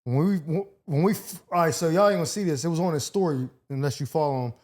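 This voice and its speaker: A man's voice: fairly high pitch, fast talker, a little mellow. A man hosting a podcast, chatting casually in loose, profane banter and laughing often. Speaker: podcast host.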